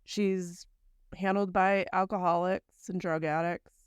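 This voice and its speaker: Low-voiced woman podcast co-host, dry sound. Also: steady tone, a little slow, clear, resonant tone, dry recording. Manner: conversational, recounting events in long run-on chains; blunt, mild swearing. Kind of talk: casual chat recapping a story.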